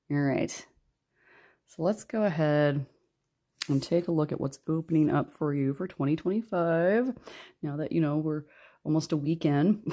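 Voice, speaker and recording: A woman's voice: sits low, measured pace, warm tone. A woman doing a casual tarot card reading in her living room, chatty and snarky and laughing often. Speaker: tarot reader.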